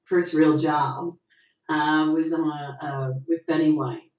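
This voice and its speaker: Low-voiced actress on a video call. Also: female voice, takes it slowly. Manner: animated storyteller, acts out quotes with rising pitch. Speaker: actress, interview guest. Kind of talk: casual interview over video call. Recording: dull, roomy video call audio.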